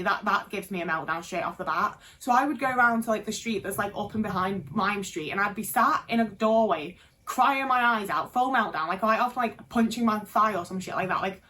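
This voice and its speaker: A woman's voice: a little high, a bit bright. Sweary young woman. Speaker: vlogger. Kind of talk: candid casual monologue.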